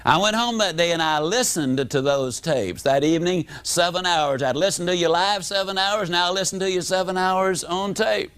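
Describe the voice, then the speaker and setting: A man, giving a motivational seminar talk as a storyteller, animated, with dramatic swings in pitch and loudness. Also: normal speed, few pauses, smooth. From United States. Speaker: motivational speaker.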